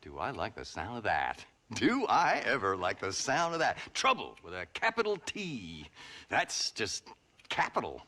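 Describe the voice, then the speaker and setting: A foppish, giddy city writer who giggles and gushes with a bright, lively voice. Every line is theatrical and florid. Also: male voice, low-pitched, unhurried, full character voice. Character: foppish male writer from back east, giddy.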